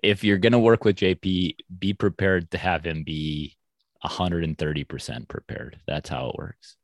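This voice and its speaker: Deep voiced guy on a podcast, stammers a bit, self-conscious, dry close mic. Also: steady tone, normal speed, dry recording. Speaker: podcast co-host. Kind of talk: casual podcast conversation.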